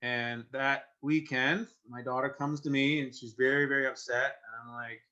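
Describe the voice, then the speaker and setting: A middle-aged man, telling a personal story as a guest in earnest, halting conversation with restarts. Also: medium pitch, steady tone, sharp tone. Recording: muffled lo-fi sound.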